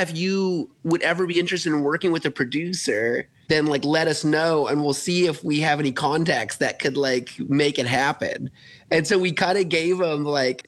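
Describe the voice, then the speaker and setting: A man's voice: on the high side, fairly bright tone. A man, a musician, telling stories in a casual interview, rambling with lots of "like" and frequent laughs. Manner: rambling, heavy use of "like", laughs often. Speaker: musician guest.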